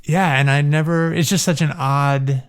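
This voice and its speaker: A man's voice: on the high side, steady tone, normal speed, clean tone. Joking man co-hosting a film podcast. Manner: joking, teasing, reflective. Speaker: podcast co-host. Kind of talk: casual film discussion.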